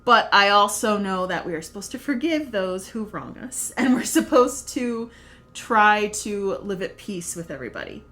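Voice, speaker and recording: A young woman vlogging about her favorite scenes, gushing and telling stories with excitement, with faint music behind her. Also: mid-range voice, moderate pace. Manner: gushing, excitable, animated storytelling. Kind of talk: casual fan commentary.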